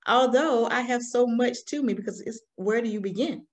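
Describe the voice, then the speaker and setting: A woman in her forties with a Southern American accent, telling her story as an interview guest with lively, laughing energy. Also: fairly high pitch, moderate pace. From Alabama, US. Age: 40s. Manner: animated storytelling, laughs often. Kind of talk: conversational interview.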